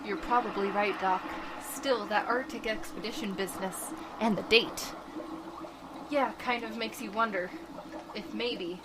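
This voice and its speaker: Podcast co-host, woman, slow dramatic comic reader; noisy home recording. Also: mid-range voice, fairly even intonation. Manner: unhurried dramatic reading. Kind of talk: reading a horror comic aloud.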